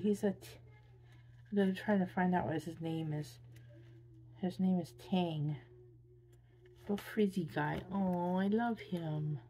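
A tired woman chatting casually while unboxing gifts, gushing with excitable squeals over cute things. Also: on the low side, normal speed, slightly rough. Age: adult with a son. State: tired, drained. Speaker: vlogger.

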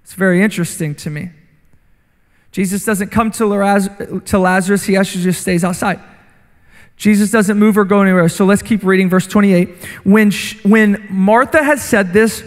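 A man preaching a sermon as a guest speaker in a church, impassioned and repeating phrases, building to shouts. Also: high-pitched. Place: church sanctuary. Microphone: handheld mic. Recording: long church reverb with faint music.

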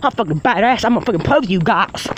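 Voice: medium pitch, expressive, fast talker, slight background noise, lightly acted, low-quality recording. A performer voicing a foul-mouthed, furious male villain who rants and threatens in a fan-made machinima. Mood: raging. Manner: ranting, swearing, threatening.

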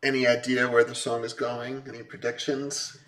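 A man's voice: mid-range voice, little pitch movement, moderate pace, a bit bright, distant mic, low-quality recording. A man hosting a reaction video, casually explaining song lyrics and reading them out with feeling.

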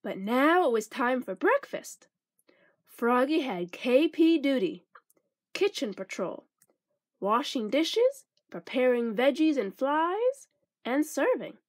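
A woman reading a children's picture book aloud, expressive and playful with sound effects. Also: high-pitched, takes it slowly, no echo, studio quality. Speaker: storybook reader.

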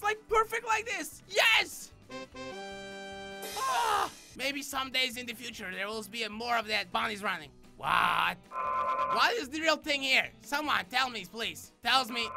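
A man giving excitable game commentary in deliberately broken English, often shouting and swearing, with music playing under his voice. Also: very high-pitched, gravelly. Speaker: gaming commentator. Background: background music.

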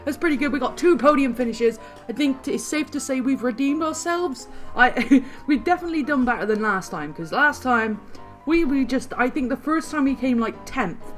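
A woman playing a video game and commenting as she goes, excitable, often crying out and repeating words when things go wrong, a little hoarse. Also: high-pitched, moderate pace. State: slightly hoarse. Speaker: gaming channel host. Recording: faint background music.

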